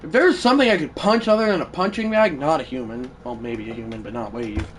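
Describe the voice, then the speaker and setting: A medium-pitched streamer commentates live on a baseball video game, getting frustrated quickly, talking back to the game and breaking into shouts. There's a little hiss or hum in the recording.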